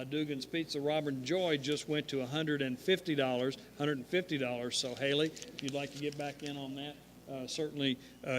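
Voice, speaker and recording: A man's voice: medium pitch, slight background noise. A man co-hosting a local radio auction, giving friendly bid updates and thanking donors. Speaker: auction co-host.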